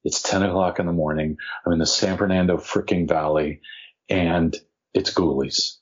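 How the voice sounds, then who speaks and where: An older man, an actor and podcast guest, telling an animated, self-deprecating anecdote and acting out the voices of people he quotes. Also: sits low, moderate pace. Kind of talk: anecdotal storytelling. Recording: dull lo-fi audio.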